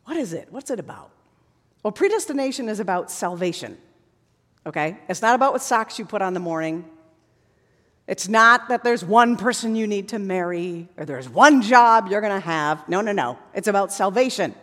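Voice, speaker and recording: A woman preaching a sermon in an earnest manner, rising to fervent passages and sinking to hushed closing words. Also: mid-range voice, lively intonation, normal speed. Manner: earnest, builds to fervent passages, drops to soft hushed endings. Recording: long hall reverb.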